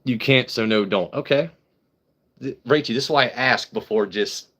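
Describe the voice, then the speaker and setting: A man's voice: mid-range voice, normal speed, fairly bright tone, slightly rough. A man hosting a casual livestream and chatting to his viewers while drinking, rambling, joking and swearing freely. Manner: rambling, talks straight to chat viewers. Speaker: livestream host.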